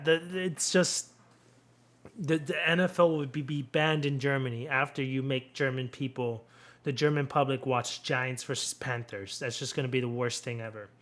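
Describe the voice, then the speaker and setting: A man's voice: medium pitch, fairly bright tone. Rambling, cursing young man recapping games. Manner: rambling, blunt and profane, stumbles and restarts often. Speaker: sports commentary host. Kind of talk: casual solo sports recap.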